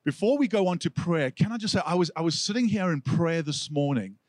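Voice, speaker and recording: A man with a South African accent preaching a sermon, telling stories with lively delivery and acting out the people he quotes. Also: on the high side, brisk, dry recording. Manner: animated storytelling, acts out quoted figures. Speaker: pastor.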